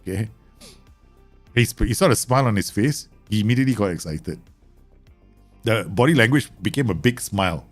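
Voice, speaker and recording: Excitable man streaming a game live. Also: fairly low pitch, moderate pace, pauses often, faint music behind. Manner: excitable, bursts into exclamations and teasing remarks. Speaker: streamer playing a football management game. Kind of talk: live gameplay commentary.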